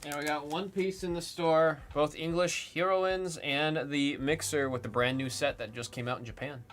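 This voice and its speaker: A man's voice: fairly high pitch, fairly even intonation, normal speed, fairly bright tone. A man hosting a live card-opening stream, chatting casually and rambling between calling out the names of cards as he pulls them. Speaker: live card break host. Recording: music playing under the voice. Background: background music.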